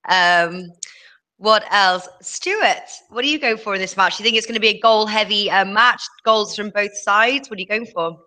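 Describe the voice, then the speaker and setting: A woman hosting a casual online panel about football betting tips, chatty and quick to laugh. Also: mid-range voice, bright, forceful tone, low-quality recording. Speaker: host.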